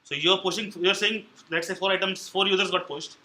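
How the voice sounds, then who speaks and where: Bright-voiced man giving a technical talk. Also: high-pitched, fairly even intonation, a little hiss or hum, rough recording. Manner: explanatory, halting with frequent fillers and restarts. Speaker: meetup speaker on Android programming. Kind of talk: live technical talk with audience questions. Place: meeting room at a tech meetup.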